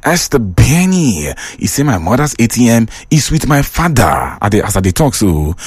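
Lively Nigerian radio host over music. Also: male voice, medium pitch. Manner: lively, preachy, mixes Pidgin and English. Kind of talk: call-in radio talk, reading listener messages.

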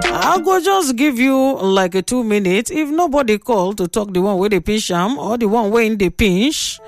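A woman's voice: mid-range voice, lively intonation, normal speed, hardly any pauses, soft background music. A woman with a Nigerian accent hosting a radio call-in show, chatty and opinionated as she tells a story. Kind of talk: casual radio talk.

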